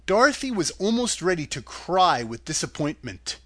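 A man reading a children's classic aloud as an expressive audiobook narrator. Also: high voice, moderate pace, no room sound. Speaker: audiobook reader.

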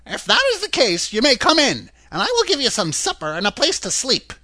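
A man's voice: very high-pitched, huge pitch swings, fairly quick, bright, forceful tone, pitched above the performer's own voice, exaggerated voice. Man putting on a wary old farm woman. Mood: hospitable.

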